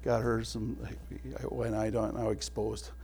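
Gravelly-voiced middle-aged male pastor preaching. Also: on the low side, level tone, unhurried, a little hiss or hum. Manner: storytelling with laughs, dropping to a hushed tone for prayer. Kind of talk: sermon.

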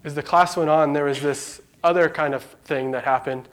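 A man delivers a sermon in an earnest, conversational way, speaking from the heart. He sounds emotional, holding back tears, and his voice sits slightly higher than most men's. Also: steady tone, normal speed. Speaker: preacher.

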